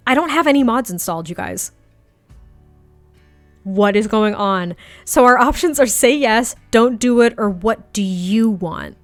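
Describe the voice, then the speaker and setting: A woman doing let's play commentary on a life-sim game, animated and dramatic in her reactions. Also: on the high side, no room sound. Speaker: gaming YouTuber.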